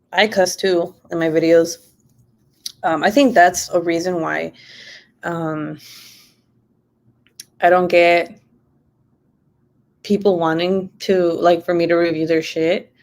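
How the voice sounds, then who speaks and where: A woman's voice: on the low side, a little mellow, slight background noise. A young woman YouTuber chatting casually and rambling while she crafts, swearing freely. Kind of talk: casual late-night craft livestream chat.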